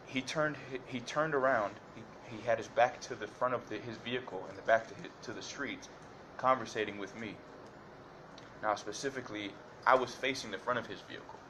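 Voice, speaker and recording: A man's voice: mid-range voice, background noise. A man giving detailed courtroom testimony to a judge, hesitant and repetitive with many fillers and restarts. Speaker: defendant addressing a judge.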